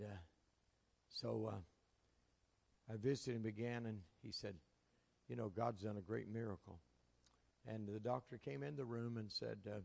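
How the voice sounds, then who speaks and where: Gravelly preacher in a big hall. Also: male voice, on the low side, a little mellow. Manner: folksy anecdotal preaching with chuckles. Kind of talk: sermon storytelling. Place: church sanctuary. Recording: long reverb of a large hall.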